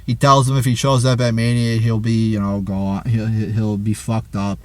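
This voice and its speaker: A man's voice: fairly low pitch, level tone, normal speed, no room sound. A man reviewing a wrestling show in an angry, profane rant, often stammering and repeating his words.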